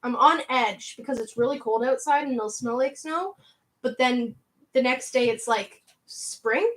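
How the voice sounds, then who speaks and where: A young Canadian woman with a southwestern Ontario accent chats on a livestream in a bright, high voice. She comes across bubbly and talkative, laughing often as she reads out and answers her viewers' messages. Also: a little slow, rough recording. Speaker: livestream host. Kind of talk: casual livestream chat.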